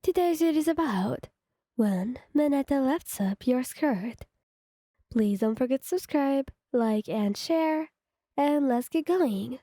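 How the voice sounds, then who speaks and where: Brief: young woman fan fiction narrator, even read-aloud tone, dry recording. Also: high-pitched, slow, no room sound.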